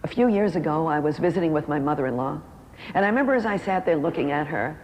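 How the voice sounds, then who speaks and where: A speaker telling a personal story from the pulpit, pitched in a middle range. The voice carries a long hall reverb. Faint noise sits underneath it. The speaker slows down and drops softer on key phrases. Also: expressive. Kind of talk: storytelling sermon talk.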